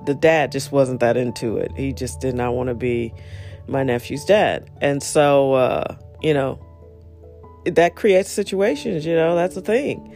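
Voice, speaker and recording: A speaker telling a casual story and giving advice, rambling with many asides and fillers, getting animated when retelling exchanges. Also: medium pitch. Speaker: monologue speaker.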